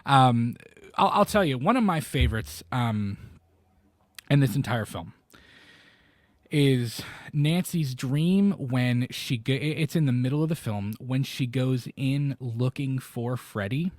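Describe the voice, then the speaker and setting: Man, casual film chat, animated, acts out lines, mid-pitched, dry close sound. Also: takes it slowly, no echo. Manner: animated, acts out quoted lines with sudden high or low voices. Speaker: podcast co-host.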